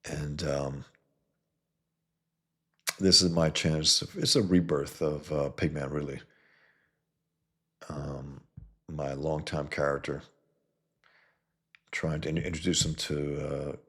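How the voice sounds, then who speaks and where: Male host, rough husky bass voice, scornful and rambling. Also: level tone, slow, long pauses, a bit bright. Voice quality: gravelly, husky low voice. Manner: blunt, scornful, lots of filler and restarts. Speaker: comic book creator and video host. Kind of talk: casual rambling talk to viewers.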